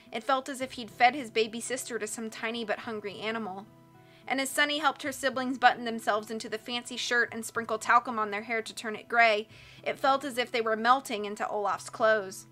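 A woman narrating an audiobook with expressive storytelling. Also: a little high. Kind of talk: audiobook reading.

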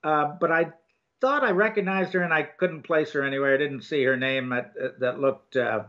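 An older man co-hosting a film review chat, talking casually and haltingly with many ums and restarts. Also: on the high side, fairly bright tone. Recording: dull lo-fi sound.

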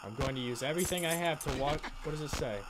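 A young man giving horror game commentary, jumpy and swearing a lot, shouting when startled. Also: fairly high pitch, fast, heavy background noise. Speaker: gaming channel host.

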